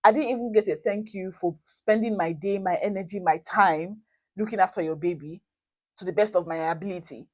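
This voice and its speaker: A young woman, telling a personal story to her viewers in a lively, expressive way. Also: mid-range voice, a little fast. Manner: animated, expressive storytelling with frequent laughter. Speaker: vlogger. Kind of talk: casual storytime.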